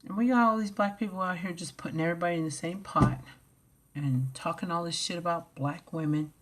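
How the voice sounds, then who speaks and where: A woman vlogger ranting to camera, blunt and profane, swinging from loud outbursts to low mutters. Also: brisk. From United States.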